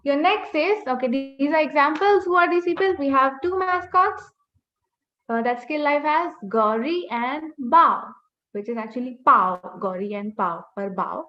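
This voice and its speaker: A young woman leads a webinar lesson, her high voice stretching out each word and repeating it patiently. She speaks very slowly and deliberately. The audio is muffled and lo-fi, as on a video call. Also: animated, fairly bright tone. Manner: slow, drawn-out tone demonstration with repetition. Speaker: Mandarin teacher. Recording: dull lo-fi online call audio.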